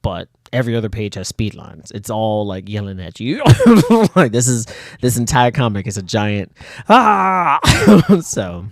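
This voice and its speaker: Recorded in clean studio sound with no room echo, this channel host and comic artist speaks at a moderate pace in a lowish, darkish, very animated voice. He chats casually about his own comic and reads from it, rambling with fillers, laughing often, and bothered by his nose.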